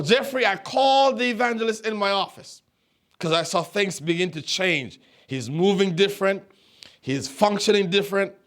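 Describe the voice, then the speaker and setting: A middle-aged male pastor from Nevis preaching a sermon, telling stories and repeating phrases with rising emphasis. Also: fairly bright tone. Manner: emphatic, repeats phrases, rises to high exhortation. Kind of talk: sermon storytelling.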